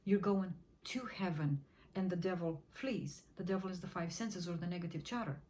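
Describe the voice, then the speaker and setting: A woman's voice: on the low side, moderate pace, a little mellow, slight background noise. A woman giving a motivational talk on manifesting money, repeating affirmations in a rhythmic chant and sometimes dropping to a whisper. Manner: rhythmic repetition, drops to a whisper during affirmations. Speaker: manifestation teacher.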